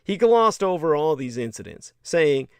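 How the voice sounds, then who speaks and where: A man with a fairly high voice delivers an indignant livestream monologue. He reads aloud and cuts in with blunt, profane remarks. The sound is close and dry. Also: very animated, normal speed, smooth, no echo. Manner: indignant, blunt, swears freely. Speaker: livestream host. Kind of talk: monologue reading and commenting.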